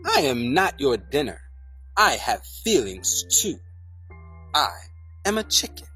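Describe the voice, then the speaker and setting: A reader reading a children's picture book aloud in a slow, sing-song way. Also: mid-range voice, very animated, pushed and bright, husky, faint music behind. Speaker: storybook reader.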